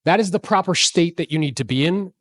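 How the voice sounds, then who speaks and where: A man's voice: a little high, a little fast, no echo. Upbeat man in his forties, storytelling speaker who quizzes the crowd, dry close mic. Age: 40s. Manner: energetic, storytelling, asks the audience questions. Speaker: real estate speaker. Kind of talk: motivational talk to a live audience.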